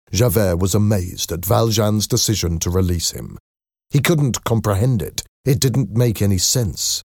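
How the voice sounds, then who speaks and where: Deep, slow storybook narrator. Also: male voice, animated, creaky, darkish tone, dry recording, clean studio sound.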